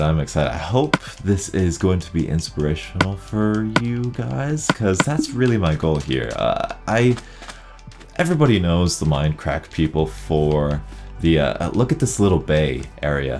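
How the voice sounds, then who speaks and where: A man hosting casual gameplay commentary, chatty and excitable, rambling as he plays. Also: sits low. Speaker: gaming channel host.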